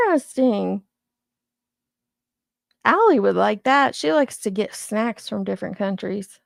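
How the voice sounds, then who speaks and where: A commentary channel host in her thirties speaks expressively but a little slowly, her medium-pitched voice gravelly, and she pauses often. She chats loosely on a casual livestream, reacting to viewer comments. The recording is dry and clean, from a studio.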